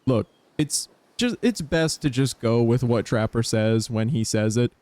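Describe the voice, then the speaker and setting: A man's voice: a little slow, warm tone, dry recording. Male streamer, playful reader, laughs often, mid-range voice. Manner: playful, giggly, jumps into high-pitched bursts. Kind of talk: reading a dating game aloud and reacting.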